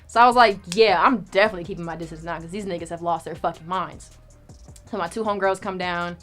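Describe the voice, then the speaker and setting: A young woman telling a story in casual chat, animated and profane, acting out what people said. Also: fairly low pitch, fast, soft background music. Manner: animated, profane, acts out quoted lines. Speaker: storyteller guest.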